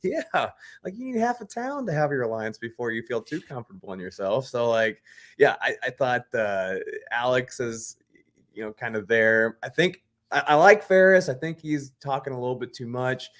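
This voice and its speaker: A man's voice: mid-range voice, animated, moderate pace, a bit bright. A man co-hosting a podcast in casual chat, giving opinionated, analytical takes on a reality show. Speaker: podcast co-host.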